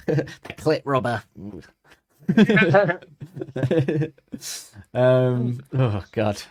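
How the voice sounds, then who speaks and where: A man's voice: mid-range voice, expressive, very slow, no echo, clean studio sound. A man co-hosting a podcast in casual chat, rambling and hesitant, with many ums and restarts. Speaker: podcast co-host.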